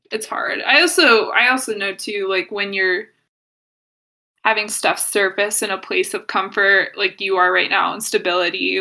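Bright, creaky woman host, reflective. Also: mid-range voice. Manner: reflective, searching for words. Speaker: podcast host. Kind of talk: casual conversation.

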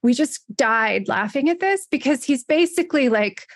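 A woman hosting a podcast, chatting in a bubbly, animated way and laughing often. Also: fairly high pitch, normal speed, vocal fry, few pauses, dry recording, clean studio sound. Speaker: podcast host. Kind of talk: casual podcast conversation.

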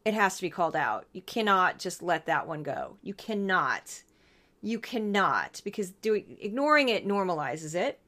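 A woman's voice: fairly low pitch, a bit bright. Indignant woman hosting a solo podcast. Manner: blunt, indignant, sarcastic asides. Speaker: podcast host.

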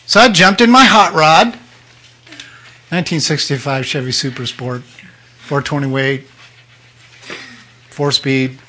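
Bright high-voiced older male preacher. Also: measured pace, pauses often, slight background noise. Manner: emotional storytelling with sudden loud and hushed turns. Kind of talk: sermon testimony.

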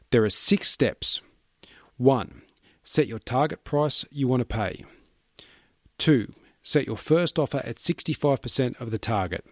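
A man reading a book summary aloud in steady, measured scripted narration. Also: on the low side, no echo, clean studio sound.

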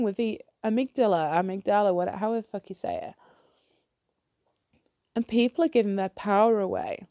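A woman's voice: on the high side, gravelly, mellow, no room sound. A woman ranting bluntly in a solo podcast monologue, swearing freely and restarting her sentences when heated. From United Kingdom. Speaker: podcast host.

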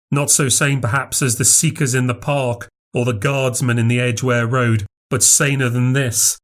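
Man reading a ghost story, measured. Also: mid-range voice. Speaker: narrator. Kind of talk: scripted horror story narration.

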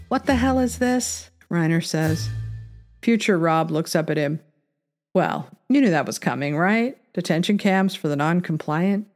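Woman narrator, lowish voice, dry measured read, faint music bed. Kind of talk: scripted satirical narration.

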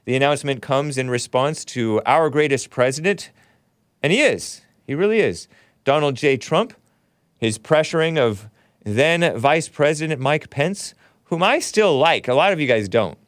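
A male host talking loosely on his own show, wandering from point to point with quick asides and chuckles. His voice is smooth and clean, recorded close and dry with no room sound. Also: on the high side, animated, dry recording. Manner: rambling, joking asides to viewers, reads chat comments. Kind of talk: casual talk show commentary.

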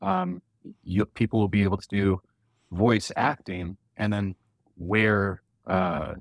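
A man speaking as a panel guest in a casual live audio chat, rambling in a relaxed way with many ums and restarts. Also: fairly low pitch, slow pace, no room sound.

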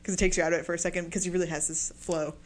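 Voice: medium pitch, little pitch movement, very fast. Chatty podcast co-host. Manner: chatty, frequent "like" fillers. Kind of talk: casual discussion.

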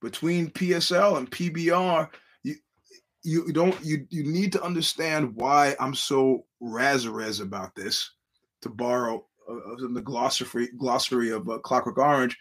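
A man's voice: mid-range voice, measured pace. A man hosting a podcast, telling a story in a rambling, casual monologue and acting out the quoted voices. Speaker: podcast host.

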